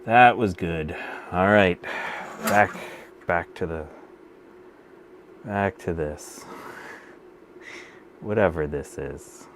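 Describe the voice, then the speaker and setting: A man's voice: low-pitched, extremely slow, long pauses, background noise. A man casually chatting with his live-stream viewers while he solders a computer, often half under his breath. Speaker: streamer repairing vintage computers.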